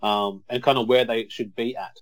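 Casting: relaxed podcast co-host, mid-pitched, dry close mic, quick to laugh. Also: male voice, no echo. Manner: easygoing, reacts with laughs. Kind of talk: casual watch-along chat.

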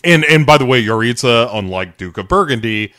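A man's voice: medium pitch, expressive, brisk, pushed and bright, dry recording, studio quality. A man in casual podcast chat, recapping a TV scene in a playful way and often laughing.

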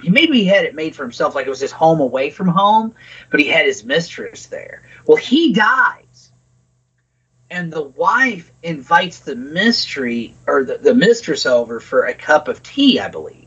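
A man co-hosts a loose podcast chat, rambling and swearing. His voice swings up and down a lot and is bright with a husky edge. The recording sounds dull and lo-fi. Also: on the high side, sing-song, normal speed. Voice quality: rambling, profane, lots of fillers. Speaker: podcast co-host. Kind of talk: casual chat.

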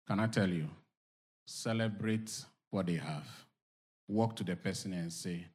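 A man preaching a sermon to a congregation, dropping to low murmurs and rising to loud shouted exhortations, acting out quoted inner voices. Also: very animated, normal speed, husky.

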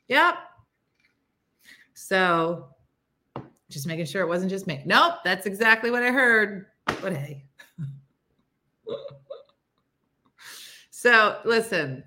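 A woman's voice: medium pitch, pushed and bright. A woman hosting a casual morning live stream, chatty and rambling, laughing often and reading viewer comments aloud.

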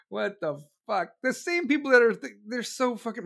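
This is a combative livestream host ranting through political commentary, cursing freely and talking fast in bursts. Opponents get mocked in sarcastic put-on voices before the host snaps back to a blunt, scornful delivery. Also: mid-range voice, lively intonation, vocal fry, a bit bright. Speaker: livestream host taking callers.

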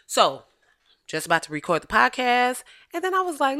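A woman hosting a gossip podcast in loose, off-the-cuff chat. Her voice is bright and sharp, and her delivery is animated, salty and full of laughs. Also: fairly high pitch, moderate pace. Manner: animated, profane and joking, laughs often. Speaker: podcast host. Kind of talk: casual celebrity gossip commentary.

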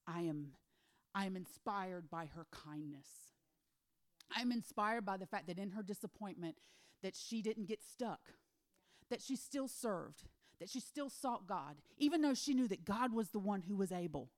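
A woman preaching a sermon, retelling a Bible story with animated voices for the characters and hushed, near-whispered emphasis. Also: medium pitch, moderate pace. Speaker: women's ministry speaker.

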